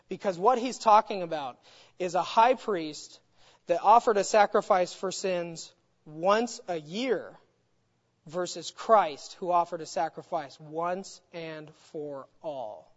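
An adult Bible teacher gives an expository lesson at a mid pitch, stressing key words and building each point through repetition. The voice rings with a long hall echo. The sound is dull and lo-fi. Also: a little slow.

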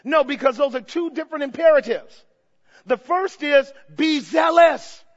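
A male preacher delivering a fervent sermon, swinging from hushed tones to shouts and putting rhetorical questions to the congregation. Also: very high-pitched, moderate pace. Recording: dull lo-fi recording.

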